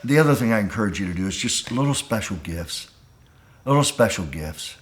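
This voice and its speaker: A pastor preaching to men on a call, pleading and impassioned, dropping quiet and then rising to a near shout. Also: male voice, fairly low pitch, animated, fairly quick, a little hiss or hum.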